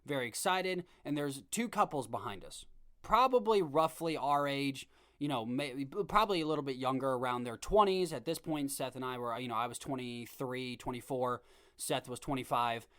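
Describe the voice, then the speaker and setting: A man in his twenties hosting a podcast, telling a story in a casual, rambling, animated way with many restarts. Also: mid-range voice, normal speed. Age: 20s. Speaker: podcast host.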